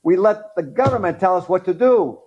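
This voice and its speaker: Middle-aged guy of cuban background fired up at a conference, pitch a bit high, kinda muffled recording. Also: moderate pace. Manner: animated, rallies the audience with questions. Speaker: speaker at a dental conference. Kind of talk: conference talk to a live audience.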